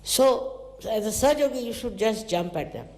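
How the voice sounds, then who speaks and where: Animated woman teaching in an echoey hall. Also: normal speed. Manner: animated storytelling with sudden pitch jumps. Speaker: spiritual teacher. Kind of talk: spiritual talk to followers.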